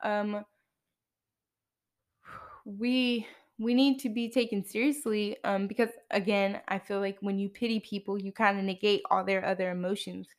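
A woman's voice: medium pitch, steady tone, moderate pace. Frank, wry-voiced woman podcaster. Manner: frank and conversational, with wry asides. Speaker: podcast host. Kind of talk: casual monologue.

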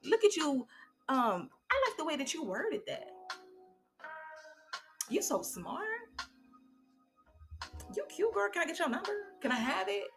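A woman voicing a flirty admirer who showers her with playful compliments, pitched high above her usual talk. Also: big pitch swings, a little slow, pauses often, over music, full character voice. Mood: gushing. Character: flirty woman hyping herself up.

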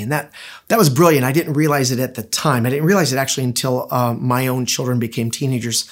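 A man's voice: medium pitch, steady tone, quick pace. Middle-aged male pastor, conversational storytelling sermon delivery. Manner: conversational, anecdotal, with restarts.

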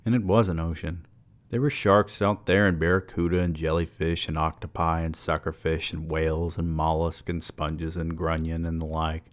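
A man's voice: very deep voice, little pitch movement, normal speed. A man reading a story aloud and breaking off into irreverent, rambling asides. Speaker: story reader.

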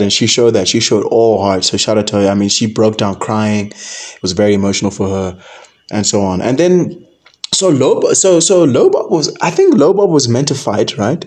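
A man's voice: mid-range voice, a little mellow. A young man hosting a combat sports talk show alone, chatting casually and rambling, often tacking "man" and "right?" onto his sentences. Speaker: combat sports podcast host. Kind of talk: casual solo commentary.

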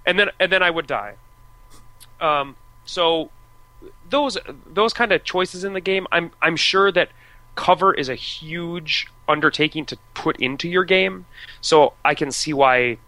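An American podcast co-host chats casually about video games, full of restarts and fillers. His voice is on the high side and sharp at a moderate pace, captured dry with no room sound but on a rough recording.

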